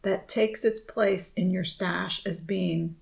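A woman with a lowish, steady voice and some vocal fry speaks slowly as she co-hosts a knitting podcast. She tells a chatty story in a casual conversation, laughing often.

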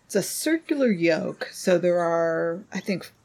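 A middle-aged woman co-hosting a podcast in casual chat, unhurried and thoughtful, often trailing off softly. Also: on the low side, lively intonation. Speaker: podcast co-host.

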